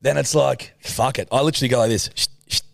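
A man's voice: medium pitch, steady tone, quick pace, creaky, dry recording, studio quality. A man co-hosting a comedy podcast, teasing and swearing freely in casual banter. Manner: teasing, sweary, laughs a lot. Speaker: podcast co-host.

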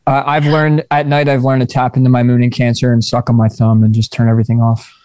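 A man's voice: mid-range voice, flat delivery, fast, a little mellow, no room sound, studio quality. A man co-hosting a podcast, chatting casually in a rambling way with many restarts and casual swearing. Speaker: podcast co-host. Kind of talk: casual chat.

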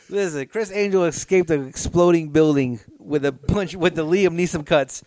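A man co-hosting a podcast and riffing through a story with plenty of swearing and jokes. His voice sits a little high for a man, and the recording is dry and close. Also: normal speed, darkish tone, no echo. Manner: profane, joking storyteller. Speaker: podcast co-host. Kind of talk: casual chat.

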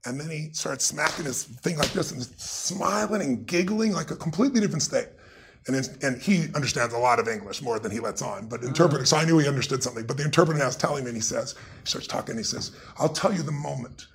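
A middle-aged man with a gravelly, husky voice telling a story as a guest, intense and emphatic. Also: on the high side, lively intonation, fast. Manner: intense, emphatic, acts out the people in his stories. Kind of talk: animated storytelling in a conversation.

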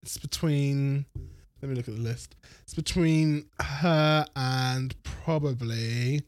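A man's voice: mid-range voice, slow, no echo, clean studio sound. A man co-hosting a casual podcast, rambling, swearing and joking at his own expense. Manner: rambling, sweary, self-mocking. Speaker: podcast co-host. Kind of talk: casual chat.

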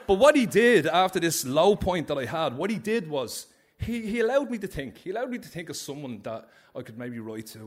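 A man with a Dublin accent tells his own story live on a stage, animated and blunt, with curses scattered through his talk. His voice sits a bit high for a man. He speaks to an audience at a story slam. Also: husky. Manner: animated, frank, heavy swearing.

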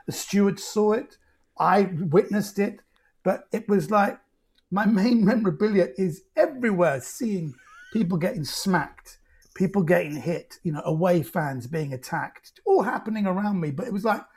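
Husky man telling stories. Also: sits high. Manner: animated, stumbling restarts. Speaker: guest. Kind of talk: casual storytelling.

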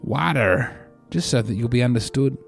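A man's voice: medium pitch, fairly quick, faint music behind. An Australian man hosting a comedy podcast, telling meandering stories in a dry, self-mocking way. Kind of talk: rambling comedic podcast monologue.

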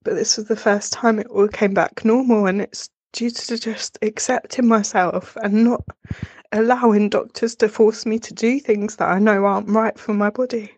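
A woman's voice: mid-range voice, steady tone, darkish tone, slightly rough, no echo. A woman sending a heartfelt, emotional voice message to a podcast. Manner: earnest, emotional, slow and heartfelt.

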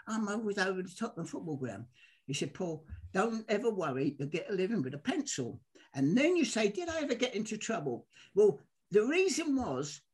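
An older man, a guest sports artist, telling stories in a lively way and acting out the people in them. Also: high-pitched, breathy edge. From England. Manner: animated, acts out the people in his stories, repeats himself. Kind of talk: lively anecdotal storytelling.

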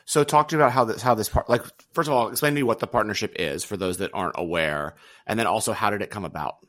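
A man's voice: lowish voice, fast talker, fairly bright tone, no echo. A man interviewing guests, asking long rambling questions.

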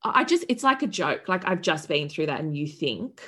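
A woman's voice: low voice, very animated, normal speed, sharp tone, husky. A woman in her thirties, a podcast guest, telling her story in a vivid, dramatic way with swearing and acted-out quotes. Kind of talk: candid storytelling chat.

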